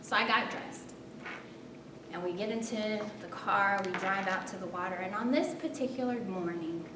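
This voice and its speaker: A woman telling a personal story in an animated, self-mocking way, with dramatic pauses. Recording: roomy distant mic with rumble.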